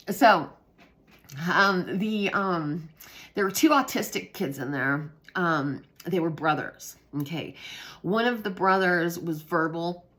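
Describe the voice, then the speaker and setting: Low-voiced woman telling a story. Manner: hesitant, many ums, drops to hushed whispers at times. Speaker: vlogger recounting substitute teaching. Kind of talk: casual storytelling.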